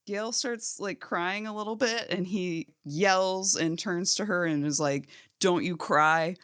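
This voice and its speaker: A young woman co-hosting a podcast, slowly retelling an episode's plot in a halting, casual way. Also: mid-range voice, fairly even intonation, clean tone, dry recording. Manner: slow, halting retelling with soft laughs. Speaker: podcast co-host. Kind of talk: casual recap chat.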